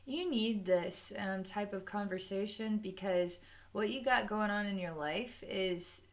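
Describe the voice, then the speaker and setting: A woman's voice: medium pitch, unhurried. Woman psychic reader; rambling, filler-heavy delivery that drifts into quoted asides. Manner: rambling and unscripted, with many "um"s and "like"s; acts out the chakras in quoted asides. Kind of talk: spoken energy-healing session.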